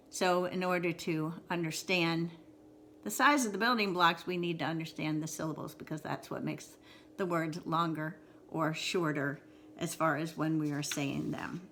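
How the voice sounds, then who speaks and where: A woman teaching a video lesson on syllables, repeating words slowly and exaggerating them, with encouraging asides. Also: lowish voice, sharp tone. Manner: slow, exaggerated word repetition, encouraging. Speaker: writing teacher.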